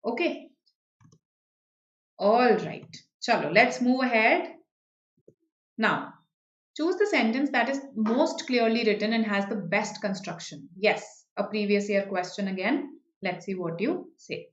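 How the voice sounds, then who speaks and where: A woman's voice: medium pitch, lively intonation, measured pace, echoey room, muffled recording. A woman with an Indian English accent teaching an exam-prep class online, explaining points and checking in with "okay" and "right". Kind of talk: online live class, answering student questions.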